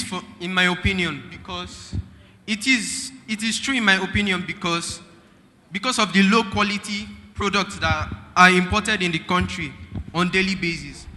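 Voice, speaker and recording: A teenage boy with a Nigerian accent argues in a school debate. His voice is rather high and sharply bright. He speaks earnestly, often halting to restart, with a long hall reverb around him. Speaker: student debater. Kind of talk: formal school debate speech.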